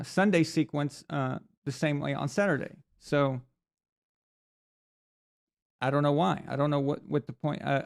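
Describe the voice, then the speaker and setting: A man with a slightly high voice and vocal fry hosts a live sports talk stream on a desk mic on camera. He rambles through his opinions with lots of fillers and restarts.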